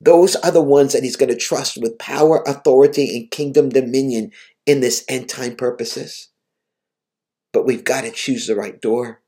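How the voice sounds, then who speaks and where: Speaking at a medium pitch and normal speed, this man has a dark tone. He preaches with earnest emotion, recounting a vision and exhorting his listeners in a devotional vision account and exhortation.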